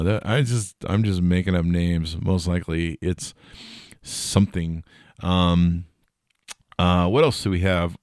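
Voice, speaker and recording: A man's voice: deep voice, smooth, no echo, clean studio sound. A middle-aged man hosting a podcast, chatting casually about tech news with rambling, jokey asides and lots of fillers. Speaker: podcast host.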